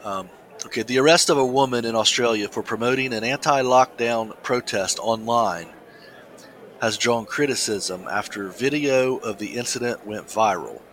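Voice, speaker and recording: A man's voice: mid-range voice, fairly bright tone, rough recording. A man co-hosting a casual talk show, chatting with many restarts and reading a news story aloud. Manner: halting, many restarts and fillers. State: coughing, something in windpipe. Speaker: podcast co-host.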